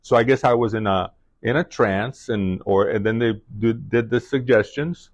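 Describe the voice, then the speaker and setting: Halting middle-aged man telling his story. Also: medium pitch, dry recording, dull audio. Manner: halting, many restarts and fillers. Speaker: guest speaker. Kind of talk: personal story told to a class.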